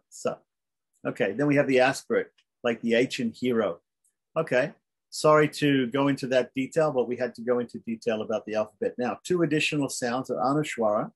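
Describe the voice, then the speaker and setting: Husky man teaching Sanskrit sounds. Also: medium pitch. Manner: patient, repeats sounds slowly for demonstration. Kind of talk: beginner language lesson.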